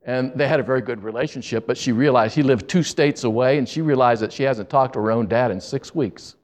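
A man preaching, telling a story earnestly and slowing down for emphasis. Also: mid-range voice. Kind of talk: sermon storytelling.

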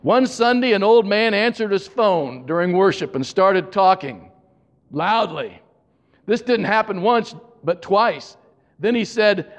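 A male pastor preaching, telling humorous anecdotes with dry asides before slowing into an earnest reflection. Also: high-pitched, expressive. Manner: joking storytelling, then slow and earnest. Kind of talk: sermon. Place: church sanctuary. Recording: long hall reverb.

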